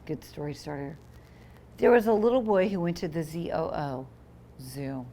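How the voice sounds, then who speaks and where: A female teacher reads a picture book aloud to small children, stopping to explain words and performing the sound effects with lively expression. Her voice is low, with a slight hiss or hum in the background.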